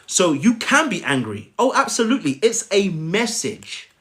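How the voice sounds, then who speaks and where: High-pitched, a bit bright and very animated, this life coach speaks at normal speed over a phone live stream. He coaches emphatically, checking in with "okay?" and calling viewers by name.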